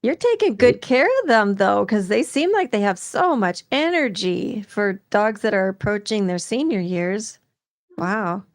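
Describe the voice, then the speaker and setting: A woman's voice: medium pitch, lively intonation, measured pace, no room sound, clean studio sound. A woman in casual chat, friendly and asking curious questions.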